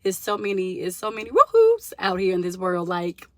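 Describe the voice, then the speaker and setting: A young woman telling a story to her viewers in a casual, animated vlog, addressing them as y'all. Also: fairly low pitch, moderate pace, no room sound. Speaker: vlogger.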